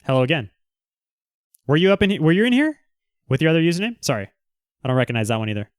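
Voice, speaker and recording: A man's voice: on the high side, big pitch swings, quick pace, clean tone, no echo. Frank, rambling man, dry sound. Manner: rambling, frank, many restarts. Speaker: livestream host. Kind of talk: casual chat reading viewer comments.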